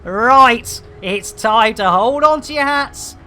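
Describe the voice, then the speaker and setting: A man's voice: very high voice, slow pace, bright, forceful tone, slight background noise. A man livestreaming a space game, chatting casually with viewers in a cheeky, playful way and full of hammy exclamations. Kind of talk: casual chat with chat shout-outs. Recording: faint game music behind.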